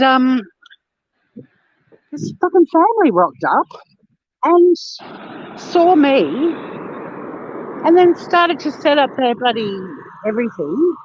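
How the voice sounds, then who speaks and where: An Australian woman chatting casually on a live stream while walking on a beach, blunt and quick to swear and laugh. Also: sits high, dry recording, highs cut off. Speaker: vlogger. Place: outdoors on a beach.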